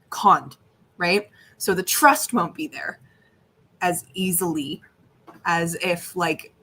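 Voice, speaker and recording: A woman's voice: lowish voice, a bit bright. A young adult woman chatting casually on a livestream, giggly and talkative, with lots of fillers. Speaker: livestream host and author. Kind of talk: casual chat on a writing livestream.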